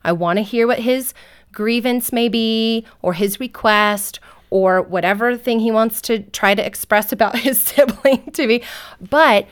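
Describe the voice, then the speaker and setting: A middle-aged woman, a guest author on parenting, talking earnestly and acting out gentle things she says to her kids, in a conversational radio interview. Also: a little high, unhurried, clean tone. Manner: earnest, animated, acts out gentle parent lines.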